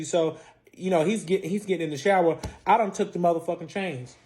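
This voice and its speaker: A young man telling a wild personal story in a casual storytime monologue, heavily profane and animated, acting out both sides of an argument. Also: high voice, quick pace.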